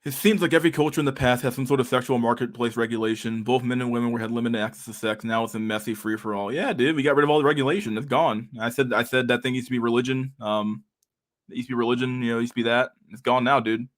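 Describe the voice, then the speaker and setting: A man's voice: medium pitch, steady tone, quick pace. A man in casual chat, reading messages aloud, swearing a lot and laughing often.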